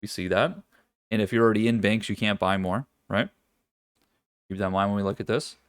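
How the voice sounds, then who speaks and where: Low-voiced man hosting a trading stream. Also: fairly even intonation, brisk, clean tone, dry recording, studio quality. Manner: casual, profane, thinks aloud with many restarts. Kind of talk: live market commentary.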